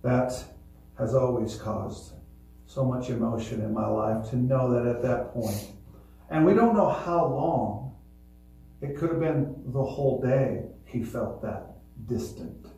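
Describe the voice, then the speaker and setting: A man preaching a sermon as pastor, earnest and swelling louder on key points. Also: medium pitch, slow, vocal fry, slight background noise. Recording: echoey hall, voice from far off.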